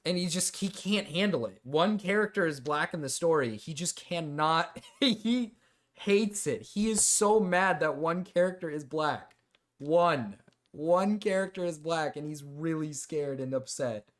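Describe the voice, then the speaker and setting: A man's voice: fairly high pitch, measured pace, fairly bright tone. Laughing man reacting on stream. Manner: laughs often, swears, repeats himself. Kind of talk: casual reaction commentary.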